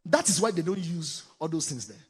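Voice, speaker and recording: A man with a Nigerian accent giving a preaching-style talk on parenting, swinging from loud exclamations to low asides. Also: big pitch swings, brisk, breathy edge. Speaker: parenting speaker. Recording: long hall reverb.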